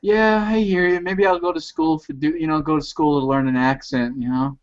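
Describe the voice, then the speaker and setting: A man's voice: on the high side, fairly even intonation, a little fast, clean tone. A man teasing and joking in a casual group chat over a video call. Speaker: participant in an online chat. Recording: muffled video call audio.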